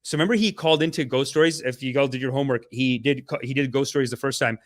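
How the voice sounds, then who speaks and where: A man hosting a livestream podcast, talking in energetic slang and playful mock-spiritual preaching, with big swings in loudness. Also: medium pitch, quick pace. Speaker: podcast host.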